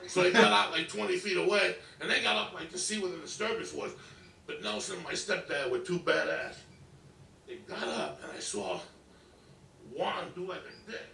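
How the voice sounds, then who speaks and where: New guy telling a dirty funny story, gravelly voice, echoey far-off clip. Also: sits high, moderate pace, a little hiss or hum. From New York. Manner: brash, swearing constantly, animated. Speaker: stand-up comedian. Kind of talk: profane comedic storytelling. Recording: echoey clip picked up from afar.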